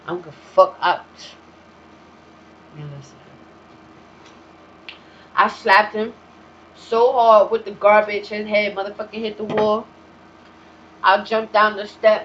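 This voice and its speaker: A woman's voice: mid-range voice, fairly bright tone. A woman hosting a talk show, speaking in a blunt, profane, streetwise casual monologue. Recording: dull, slightly lo-fi recording with faint hiss.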